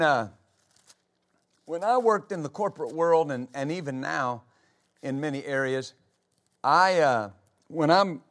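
A man's voice: a little high, fairly bright tone. A man preaching a sermon as pastor, reading scripture aloud and asking his congregation rhetorical questions. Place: church.

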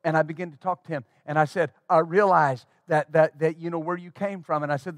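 A middle-aged man preaching to a church, spinning a folksy, animated story with plenty of restarts. His voice sits high for a man. The sound is dry and close, with little room echo. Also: fairly quick. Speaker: pastor. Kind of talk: storytelling sermon.

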